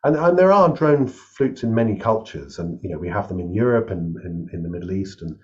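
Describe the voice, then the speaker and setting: A man with a very lively, swooping voice tells an anecdote as a guest on a video call, acting out the voices of the people in it and laughing often. The sound is slightly dull and lo-fi, as if from a webcam. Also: low voice, brisk. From England. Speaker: composer and flute maker, guest. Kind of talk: casual storytelling over a video call.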